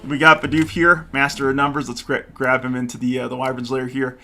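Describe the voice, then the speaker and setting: Loud gravelly streamer man. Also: mid-range voice, a little fast, a little hiss or hum. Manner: loud and lively, says so himself. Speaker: streamer hosting a co-op game session. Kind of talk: casual live-stream chat.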